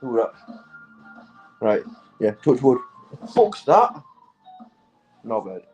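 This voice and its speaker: British guy high on stream, rambly and sweary, laughs a lot, bit of music in the back. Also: very animated, slow pace, mellow, dull audio. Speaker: livestreamer. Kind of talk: rambling casual livestream chat.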